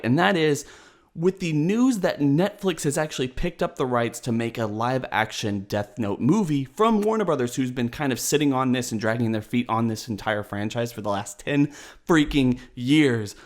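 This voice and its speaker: Energetic rambling male podcast host. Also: mid-range voice. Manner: energetic, rambling, laughs easily. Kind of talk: casual podcast chat. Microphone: video call.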